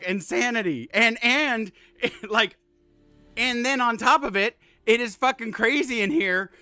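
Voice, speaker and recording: Male game streamer, excitable, foul-mouthed, affectionate with chat, bright tone, music faint behind. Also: very high-pitched. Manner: excitable, swears often, laughs a lot, affectionate to chat. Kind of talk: casual live-stream chat.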